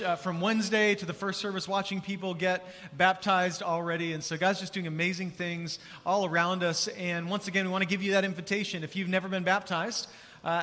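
A man preaching to a large congregation in a casual, energetic way, with a high, bright voice. His words ring out with a long church-hall reverb trailing after them. He keeps prompting the crowd to answer back. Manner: energetic, conversational, calls for crowd response. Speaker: pastor. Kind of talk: sermon.

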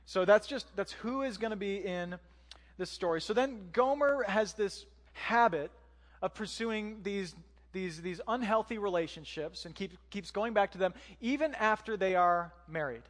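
High-voiced man preaching in a reverberant hall. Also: moderate pace. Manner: conversational, joking asides, rhetorical questions. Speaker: pastor. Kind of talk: sermon.

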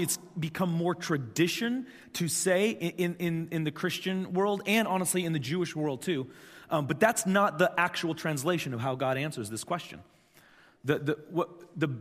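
A man's voice: fairly high pitch, a bit bright. A pastor in his thirties giving a conversational sermon in a church, repeating his points with emphasis. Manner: conversational, repetitive, emphatic preaching. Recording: long church hall reverb.

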